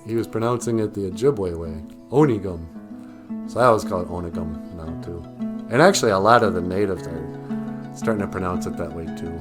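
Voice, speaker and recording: A man's voice: deep voice, quick pace, over music. A man from Minnesota, hosting a show in a casual joking monologue, rambling and chuckling often. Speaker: show host.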